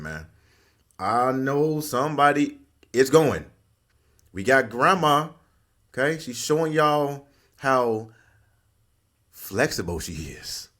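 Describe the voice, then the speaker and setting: A man's voice: mid-range voice, a bit bright. A man hosting his channel, giving loose, slangy reaction commentary and laughing often. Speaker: channel host.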